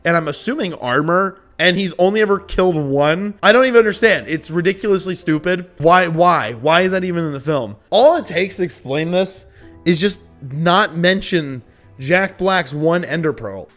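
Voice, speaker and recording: Young guy ranting sarcastically about a movie, high bright voice, some music under it. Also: animated, moderate pace. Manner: sarcastic, exasperated, shouting outbursts. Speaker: video reviewer. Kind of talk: ranting commentary.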